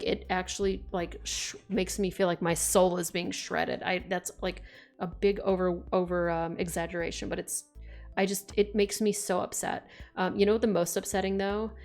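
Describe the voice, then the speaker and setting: A young woman with a lowish voice streams a game live, reading the on-screen text aloud. She chats in an expressive, casual way and swears along the way.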